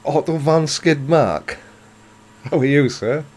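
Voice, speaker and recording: His voice sits on the high side, slow and a little mellow. He's a man in his forties from South Wales with a Welsh accent, reading chat on his live stream and replying in a dry, playful, self-deprecating way.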